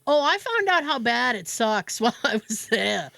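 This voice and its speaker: A woman hosting a podcast tells her story in a casual, animated way, with laughs and swearing. Her voice sits fairly high and swings widely. The recording is dry and close. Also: normal speed, vocal fry, no room sound. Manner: animated, laughing, profane, with fillers. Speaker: podcast host.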